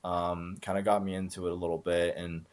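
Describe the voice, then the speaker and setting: Young man, very low voice, laid-back and filler-heavy, guesting on a call-in podcast. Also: little pitch movement, fairly quick, darkish tone. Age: young adult. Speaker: guest, content creator. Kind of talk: casual podcast chat. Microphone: remote call.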